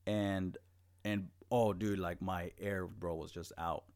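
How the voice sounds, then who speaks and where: A man's voice: deep voice, fairly even intonation, slow, a little mellow. A young man telling a long personal story in casual chat, rambling, with heavy swearing and many restarts.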